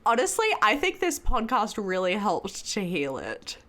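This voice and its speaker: A young Australian woman co-hosting a podcast, telling stories in a casual, animated way and laughing often. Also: medium pitch, unhurried. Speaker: podcast co-host. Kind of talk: casual chat.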